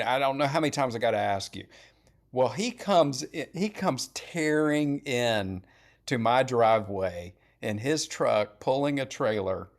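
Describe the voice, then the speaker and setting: A middle-aged man telling animated, blunt and profane stories in casual podcast chat. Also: medium pitch.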